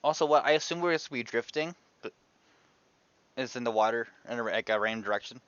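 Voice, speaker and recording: A man's voice: medium pitch, fast talker, a bit bright, clear, resonant tone, no echo, lo-fi sound. A man playing in a tabletop game, hesitant and stumbling, laughing often. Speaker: player. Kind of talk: casual tabletop game chat.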